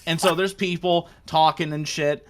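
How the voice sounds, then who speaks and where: A man's voice: fairly high pitch, steady tone, moderate pace, background noise. A man running a tabletop game as game master, chatting loosely and swearing between laughs. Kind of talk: casual game narration.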